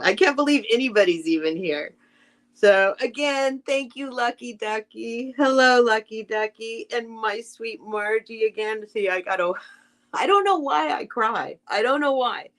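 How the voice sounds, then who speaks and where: A woman hosting a casual live stream reads a children's book aloud and chats with viewers, rambling and sentimental, getting emotional over the text. Her voice is a little high, bright, and animated, at normal speed.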